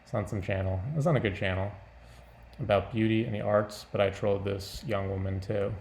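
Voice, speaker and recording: A man's voice: lowish voice, steady tone, fairly quick, a little mellow, slight background noise. A man talking off the cuff in a casual vlog, rambling, breaking off mid-thought and laughing often.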